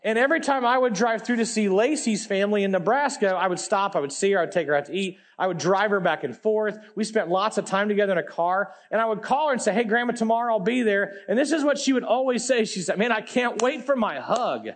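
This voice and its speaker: A man preaching a sermon in a casual, animated way, full of slang, swinging between loud emphatic bursts and quiet low asides. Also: fast talker, few pauses.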